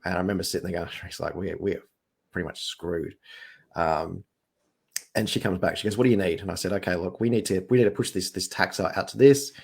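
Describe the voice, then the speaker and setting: A man, telling his business story in a casual, animated way and acting out what others said. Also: deep voice, a little fast, gravelly, slightly rough. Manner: animated, acts out quoted voices. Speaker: business owner guest.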